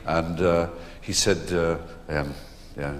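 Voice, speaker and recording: A man telling theatre anecdotes on stage before a live audience, an unhurried raconteur who pauses with ums and restarts. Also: low voice, steady tone, slight background noise. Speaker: stage conversation guest. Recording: echoey hall with long reverb.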